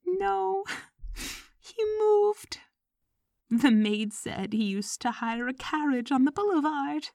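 A woman voicing a distraught, practical middle-aged woman who exclaims in a high, tearful voice in a storybook reading. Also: animated, slow, vocal fry, darkish tone, dry recording, studio quality, heavily acted. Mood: anxious.

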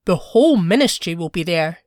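A woman's voice: lowish voice, expressive, brisk, a little mellow, no echo, studio quality, lightly acted. A woman reading a story aloud, voicing an anxious clerk husband who talks in an earnest, pleading way. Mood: eager. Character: anxious eager-to-please husband, a modest clerk.

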